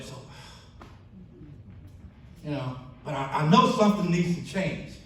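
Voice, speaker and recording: Man, keynote testimony speaker, lively storyteller, higher voice, very echoey hall heard from afar. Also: unhurried, long pauses, distant mic. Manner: storytelling, acts out quoted friends in animated bursts. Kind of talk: testimony speech at a banquet. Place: church banquet hall.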